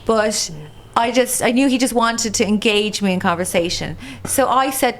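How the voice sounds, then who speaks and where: A comedian in her forties with an Irish accent, co-hosting a podcast and telling a dating story in casual, animated chat, with swearing and quick asides. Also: on the high side. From Ireland.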